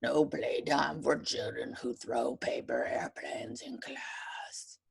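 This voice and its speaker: A woman voicing a stern, monster-like teacher in a low, gruff hush, in whispered role-play for a storybook reading. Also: steady tone, moderate pace, exaggerated voice.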